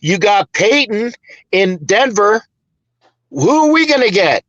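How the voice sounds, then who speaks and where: Rambling high-voiced man on a dull line. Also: big pitch swings, takes it slowly, a bit bright, no room sound. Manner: rambling, emphatic, profane. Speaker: podcast host. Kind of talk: casual sports podcast chat.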